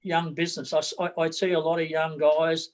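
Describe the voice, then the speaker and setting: A man's voice: a little high, little pitch movement, fairly quick, poor audio. Blunt rambling Australian man. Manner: blunt, rambling, repeats words. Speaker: political candidate. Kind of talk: interview.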